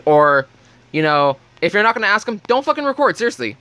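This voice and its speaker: A man's voice: high-pitched, very animated, brisk, sharp tone, no echo. A young man telling a heated story in a casual vlog rant, blunt and swearing freely. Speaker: vlogger.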